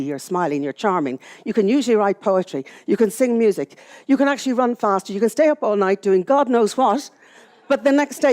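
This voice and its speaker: Middle-aged Irish woman, public speaker, quick and mellow, candid storyteller with self-mocking wit. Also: medium pitch. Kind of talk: personal storytelling talk to a live audience. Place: room with an audience.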